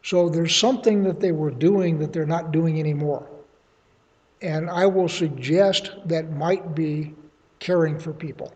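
A man's voice: fairly high pitch, a little slow, a little mellow. A man preaching a sermon, reading scripture and explaining it in a conversational teaching manner with folksy asides. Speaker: pastor. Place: church hall. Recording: dull sound in a long-echo hall.

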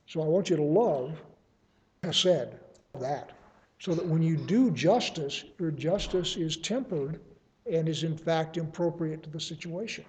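Male Bible teacher, high and mellow voice, reads verses with stress, then explains plainly. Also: unhurried, poor audio. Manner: reads scripture aloud with emphasis, then explains conversationally.

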